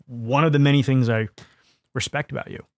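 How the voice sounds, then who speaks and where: A man's voice: mid-range voice, fairly even intonation, brisk. A man talking casually as a podcast guest, playful and swearing freely, with an American accent and a habit of slipping into put-on voices. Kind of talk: casual chat.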